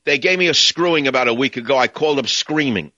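A man's voice: mid-range voice, fast, sharp tone, no room sound, muffled recording. A man hosting a talk radio show, ranting and sarcastic in his monologue.

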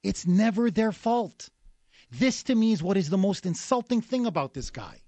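A man's voice: high-pitched, expressive, moderate pace, dark tone, dry recording. A man hosting a talk radio show, delivering a combative, sarcastic rant between callers. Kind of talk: opinionated talk radio monologue.

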